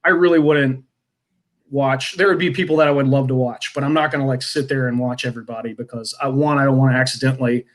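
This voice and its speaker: A man's voice: medium pitch, steady tone, quick pace. A man, a comedian guest on a podcast, chatting casually and rambling with many restarts. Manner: rambling, self-interrupting, laughs often.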